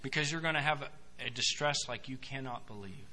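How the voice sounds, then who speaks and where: A man preaching a sermon, emphatic, swinging between loud proclamations and quiet asides. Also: medium pitch, brisk, slight background noise. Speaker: pastor. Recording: long hall reverb.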